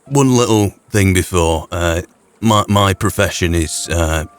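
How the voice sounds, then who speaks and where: A man's voice: low voice, a little slow, clear, resonant tone. A man playing a blunt, teasing, suspicious frontier fisherman. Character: gruff cagey frontier man who fishes.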